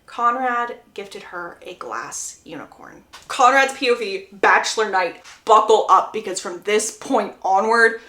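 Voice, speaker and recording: A woman's voice: mid-range voice, lively intonation, unhurried, sharp tone, reverberant. A woman casually retelling a book's plot, chatty and acting out the quotes. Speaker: book summary creator.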